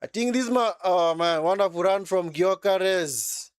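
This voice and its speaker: A man's voice: high-pitched, measured pace, smooth, dry recording, clean studio sound. Chatty man calling a match live. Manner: chatty, frequent tag words like man and eh. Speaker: watchalong commentator. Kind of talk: casual live match commentary.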